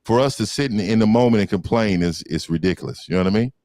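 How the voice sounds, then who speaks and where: A man on a casual panel who speaks boastfully and haltingly, with many restarts. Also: on the low side, expressive, darkish tone, no room sound, studio quality.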